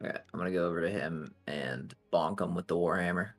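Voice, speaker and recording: A man speaking as a player in a tabletop game, relaxed and casual. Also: low voice, fast talker, creaky, soft background music.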